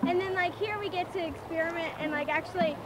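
A woman's voice: very high voice, fast, recorded from a distance, background noise. A teenage girl student talking casually, with many fillers, about a hands-on field trip. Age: teens.

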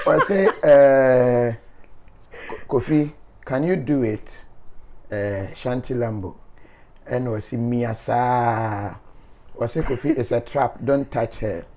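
A man's voice: mid-range voice, noisy background. A man, a show host reading viewer comments aloud in a playful, teasing way with frequent laughter.

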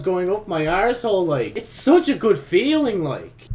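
Brief: young man, fairly high lively voice, swears constantly, gaming commentary, faint game noise behind. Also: normal speed. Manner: swears a lot, swings from low mutters to frustrated yells. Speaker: gaming YouTuber. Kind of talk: live gameplay commentary.

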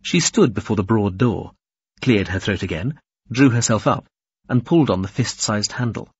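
A man narrating an audiobook in an expressive, varied reading. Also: fairly low pitch, moderate pace, breathy edge, no echo, dull audio. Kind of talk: scripted narration.

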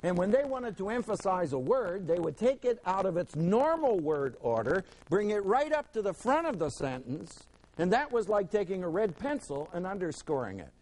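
A man's voice: high-pitched, sing-song, moderate pace, a little mellow, slight background noise, low-quality recording. A man teaching a Bible lesson to a class, emphatic, asking the class questions and repeating words for stress.

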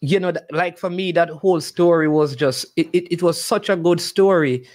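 A man with a Jamaican accent hosts the interview in a reflective, conversational manner. His voice sits a little higher than most men's. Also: normal speed, darkish tone. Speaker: interview host.

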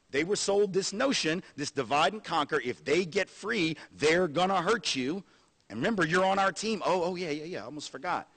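Male guest lecturer, sarcastic, lively, casual tone, fairly high voice, university hall. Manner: animated, sarcastic, conversational. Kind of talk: public lecture.

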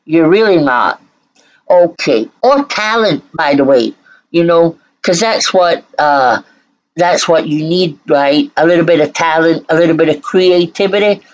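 A woman from Scotland hosts a reaction commentary. She talks slowly, with a sarcastic, mock-sweet edge. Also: deep voice, lively intonation, lo-fi sound. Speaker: channel host.

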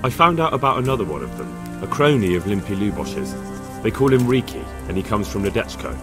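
An actor playing an earnest young commoner in a medieval video game, polite and plain-spoken. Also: male voice, lowish voice, sing-song, brisk, over music.

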